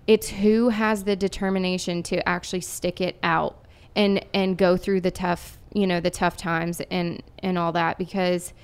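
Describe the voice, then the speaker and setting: A woman's voice: on the low side, flat delivery, unhurried, few pauses, clean tone. A woman from Erie, Pennsylvania, a singer-songwriter guest talking casually in a podcast interview, chatty and earnest with lots of fillers.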